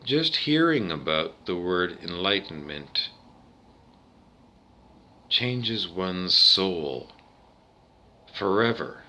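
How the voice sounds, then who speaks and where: Man, lowish voice, slow and meandering solo vlog delivery, keeps drifting between tangents. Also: sing-song, pushed and bright. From Canada. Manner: rambling, digressive, restarts and tangents. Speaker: vlogger. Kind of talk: unscripted monologue to camera.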